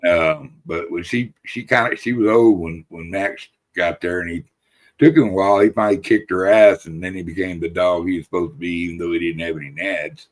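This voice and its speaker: A man's voice: low voice, fairly even intonation, fairly quick. A man hosting a casual podcast chat, telling long, rambling stories full of swearing and laughter. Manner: rambling, profane, laughs through his stories. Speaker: podcast host.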